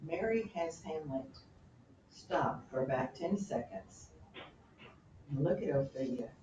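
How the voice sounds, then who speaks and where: A woman teaching a class, talking in an animated, chatty way and often correcting herself, recorded from a distance in a classroom. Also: low-pitched, slow, roomy sound, slight background noise. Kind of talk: classroom lecture on a play.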